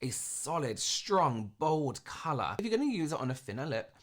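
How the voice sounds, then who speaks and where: A man's voice: a little high, big pitch swings, moderate pace. A man, a professional makeup artist, giving a frank, rambling critique in a reaction video.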